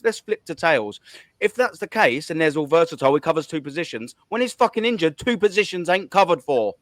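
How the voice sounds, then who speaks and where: A man's voice: a little high, dry recording. A man, hosting a heated fan rant, swearing a lot and hammering his points home. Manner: fast, swearing, repetitive counting. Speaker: host.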